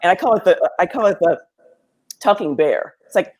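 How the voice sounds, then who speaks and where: Lively animated woman on a video call. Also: on the low side, a little fast, breathy edge. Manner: animated, acts out voices, laughs often. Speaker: professor. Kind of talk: casual panel chat.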